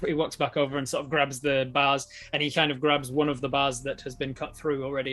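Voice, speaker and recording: A man's voice: mid-range voice, little pitch movement, quick pace, hardly any pauses, a bit bright. A man with an Australian accent running a tabletop game as dungeon master, narrating with frequent laughs. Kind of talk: game narration for a live stream.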